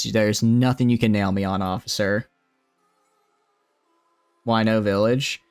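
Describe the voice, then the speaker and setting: Low-voiced man rambling through a game stream. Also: steady tone, takes it slowly, pauses often, smooth, dry recording, studio quality, soft background music. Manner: rambling and wry, thinks aloud with fillers. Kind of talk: live-streamed gameplay commentary, reading chat.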